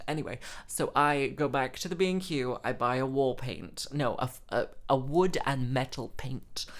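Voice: mid-range voice, creaky. Young host; loose, rambling, self-mocking weekly catch-up. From English Midlands. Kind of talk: casual chat.

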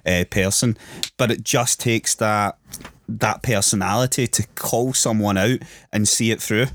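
A man's voice: on the low side, fairly even intonation, a little slow, no echo. A man with a Scottish accent co-hosting a podcast, joking and laughing along in casual chat. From Scotland. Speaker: podcast co-host. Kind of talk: casual chat over beers.

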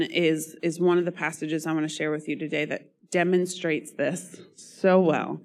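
Hoarse woman giving an earnest sermon, voice half gone, keeps coughing. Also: deep voice, measured pace, hardly any pauses. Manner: earnest, coughs and laughs between phrases. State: hoarse, losing her voice. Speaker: preacher.

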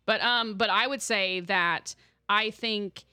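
A woman's voice: mid-range voice, slow, pushed and bright, clear, resonant tone, no room sound, clean studio sound. A young woman co-hosting a podcast, chatting casually and gushing with enthusiasm, full of fillers. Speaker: podcast co-host. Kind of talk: casual chat.

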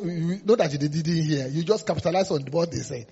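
A man's voice: on the high side, fairly quick, gravelly, few pauses, dark tone, slightly rough, some chatter behind. A man preaching a sermon as pastor, emphatic and repetitive, sometimes laughing and acting out voices. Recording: dull lo-fi sermon recording.

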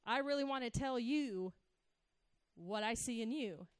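Animated woman telling a testimony, dry sound. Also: fairly high pitch, a little slow, clear, resonant tone, no echo. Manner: animated storytelling, acting out her past self. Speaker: speaker giving a testimony. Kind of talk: sermon-style personal testimony.

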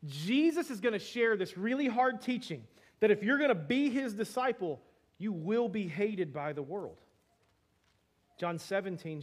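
A man with a high-pitched voice delivers a lively sermon. He talks to the congregation conversationally, acting out the dialogue with humor. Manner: animated, acts out dialogue with laughs and asides. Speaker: pastor.

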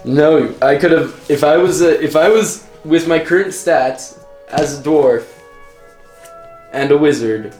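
Slow, hesitant man at a game table. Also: fairly high pitch, a little mellow. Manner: hesitant, halting, laughs often. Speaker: player. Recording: echoey room, music faint.

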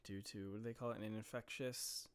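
A woman's voice: extremely low pitch, steady tone, fairly quick, no room sound. A woman co-hosting a podcast, dropping dry, teasing quips into casual chat. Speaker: podcast co-host.

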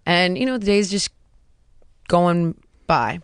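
A woman's voice: lowish voice, slow pace, smooth, no room sound. Woman host telling a story in a dry room. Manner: animated retelling, drops to a soft hush for quotes. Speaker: podcast host. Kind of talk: casual storytelling chat.

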